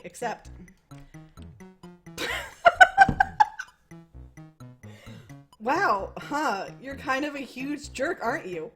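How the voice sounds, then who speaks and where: Young woman reading a visual novel out loud, kinda high voice, rambly and sweary, soft game music under it. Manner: animated, swears freely, rambles. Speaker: let's play host.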